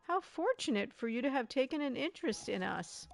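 A woman voicing a giant, gentle, motherly female creature queen in a video game, speaking with a gracious, cooing manner. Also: high voice, big pitch swings, a little fast, vocal fry, soft background music, pitched above the performer's own voice, exaggerated voice.

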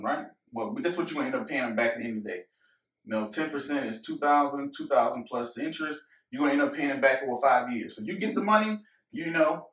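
A man's voice: on the high side, fairly bright tone, recorded from a distance. A man hosting a finance channel, explaining at a whiteboard to camera in a casual way, repeating points and talking straight to viewers. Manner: casual, repeats himself, talks to viewers as guys. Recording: echoey room, away from the mic.

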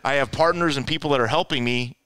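An offroad racer appearing as a guest tells stories casually and animatedly at a quick pace, slipping into the voices of the people he quotes. His medium-pitched voice is bright and clear, in a dry recording with no room sound.

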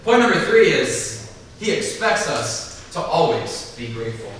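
A man preaching a sermon at a church service, animated, acting out the voices of people in the story. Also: medium pitch, measured pace, distant mic, slight background noise. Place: church service in a large hall. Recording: echoey hall, mic from afar.

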